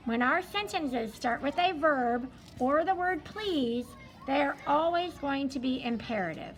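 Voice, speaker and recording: A woman with a high voice, an elementary school teacher reviewing a study guide for her class. She walks through each answer patiently and step by step. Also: lively intonation, a little slow, fairly bright tone, poor audio.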